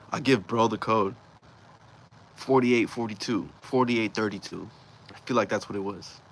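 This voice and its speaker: A man's voice: lowish voice, fairly bright tone, slight background noise. A young man casually telling a rambling personal story, full of slang and swearing. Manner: slangy, profane, rambling retelling.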